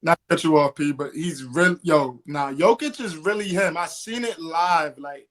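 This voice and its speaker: A man co-hosting a casual sports talk show, explaining playoff basketball in an animated way and calling people "bro". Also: a little high, normal speed. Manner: animated, says "bro" a lot. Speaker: podcast co-host.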